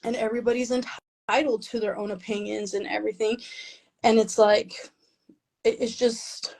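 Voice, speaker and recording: A woman's voice: on the high side, flat delivery, normal speed, darkish tone, poor audio. A woman author being interviewed, talking casually and with self-deprecating humor, laughing often and slipping Spanish phrases into her English. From Mexican family, raised in the US.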